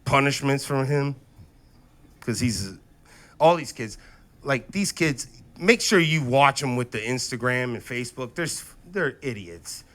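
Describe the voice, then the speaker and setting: A man in his thirties doing a profane stand-up comedy set, swinging between loud outbursts and low, muttered asides. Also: expressive, a little slow. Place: comedy stage before a live audience.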